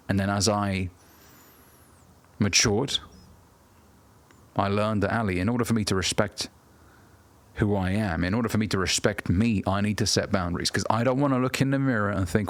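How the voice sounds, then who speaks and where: A man in his thirties lectures the camera with blunt, profane conviction. His low voice carries a gravelly fry. The sound is close and dry, with no room around it. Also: no echo. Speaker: dating and self-improvement coach. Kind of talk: direct-to-camera advice talk.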